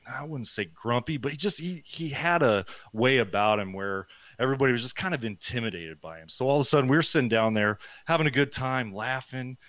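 A man's voice: mid-range voice, lively intonation, brisk, few pauses, a bit bright, no room sound. A man from Nebraska telling a story as a podcast guest, rambling with lots of fillers and casual swearing. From Nebraska, USA.

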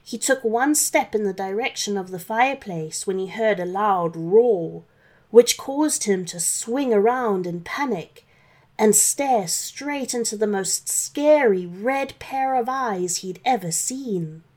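A woman narrating a children's story in a gentle, expressive read-aloud manner. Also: a little high, unhurried.

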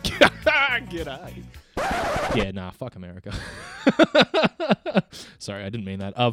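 A man putting on a brash, swearing, patriotic Australian bloke with a blustering, crude-slang manner and an Australian accent. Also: mid-range voice.

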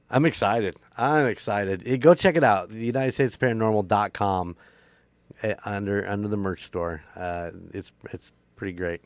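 A man's voice: fairly low pitch, moderate pace, smooth, no echo. A man hosting a paranormal podcast, wrapping up in a rambling, upbeat way with frequent laughs. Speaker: podcast host. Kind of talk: casual podcast outro chat.

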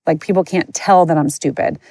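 Woman podcaster, personal storytelling, lowish pitch, rambling candid delivery, dry room. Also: steady tone, fairly quick, vocal fry, warm tone, dry recording. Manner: candid, rambling, many fillers and restarts. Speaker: podcast host. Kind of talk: personal storytelling, casual chat.

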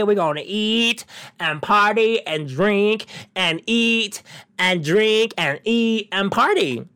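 A man's voice: high voice, clean tone, no room sound. Sassy flamboyant man hosting a podcast. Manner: sassy, flamboyant, calls listeners honey; animated, laughs between stories. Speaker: podcast host. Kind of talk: casual monologue chat.

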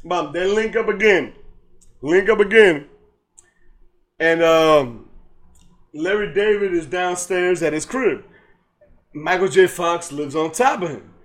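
A man's voice: sits high, slow pace, long pauses. A man co-hosting a casual podcast, retelling a sitcom episode with lots of laughter and swearing, acting out the characters' lines. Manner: animated storytelling, acts out lines, laughs often, swears freely. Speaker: podcast co-host. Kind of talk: casual chat.

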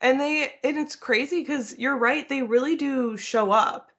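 A woman's voice: sits high, measured pace, creaky, a bit bright. A woman hosting a podcast in casual chat, joking about her family and laughing easily. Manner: chatty, laughs easily, agrees along. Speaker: podcast host. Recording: slightly dull, lo-fi sound.

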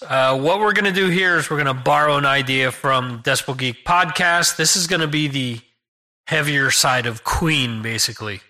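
A man hosting a podcast, opening the episode in a relaxed, chatty way. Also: mid-range voice. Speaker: podcast host. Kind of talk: podcast show introduction.

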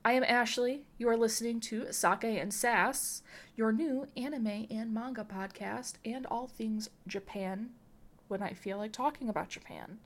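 A woman's voice: on the high side, measured pace. A woman hosting a podcast, chatting casually and rambling with lots of fillers. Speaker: podcast host.

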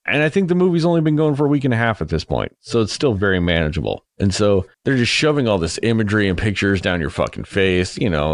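Low-voiced man ranting sarcastically about a movie. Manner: rambling, sarcastic, heavy swearing, mocking voices for the people he describes. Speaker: movie reviewer. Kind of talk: casual profane movie recap.

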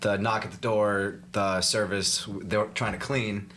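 Low-voiced hesitant man. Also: level tone, fairly bright tone, a little hiss or hum. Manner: hesitant, halting. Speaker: band member. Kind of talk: casual storytelling chat.

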